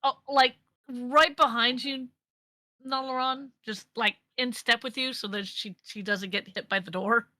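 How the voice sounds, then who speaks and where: A woman running a tabletop role-playing game as game master, describing scenes haltingly with many restarts. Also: on the high side, steady tone, bright, forceful tone, no room sound. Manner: halting, full of restarts and fillers.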